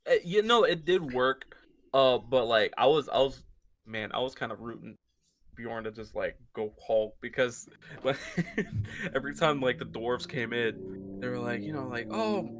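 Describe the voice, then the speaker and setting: A man co-hosting a casual book club podcast, animated, slipping into silly voices when he retells scenes, on an amateur podcast mic. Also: mid-range voice, normal speed. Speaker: podcast co-host.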